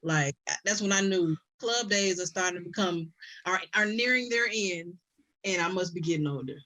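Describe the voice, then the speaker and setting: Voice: mid-range voice, moderate pace. A podcast co-host telling casual stories with lots of laughter. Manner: animated storytelling, laughs often. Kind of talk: casual chat.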